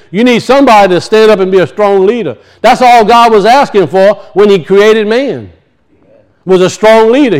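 A man preaching a sermon, emphatic, slowing down to teach word meanings and dropping low and quiet for weight. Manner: emphatic, slows to teach words, drops low and soft for weight.

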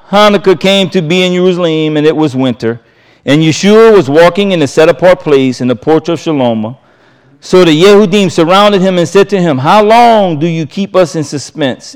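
A Bible teacher, a man, reads scripture aloud during a sermon and comments in an emphatic yet casual style, repeating key phrases and chuckling between points. His voice is slightly high and smooth.

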